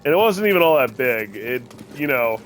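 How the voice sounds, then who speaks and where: A young adult man streaming a game, telling a rambling, profane story in a casual, animated way. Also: medium pitch, moderate pace. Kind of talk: casual storytelling while gaming. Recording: game music under voice. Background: game music.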